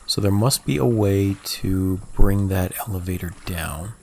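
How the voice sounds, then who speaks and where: A man's voice: sits low, unhurried, vocal fry, a little mellow, slight background noise. A man livestreaming a game, thinking aloud in easygoing, chatty talk and answering chat, with a cough. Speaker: game streamer.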